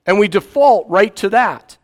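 High-voiced man preaching a sermon. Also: expressive, unhurried. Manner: conversational preaching with sudden quiet asides. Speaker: pastor.

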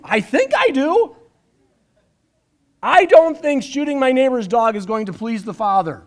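A middle-aged man preaching a live-streamed sermon from a church stage, animated, with jokey asides and repeated words. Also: very high voice, fast. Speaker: pastor.

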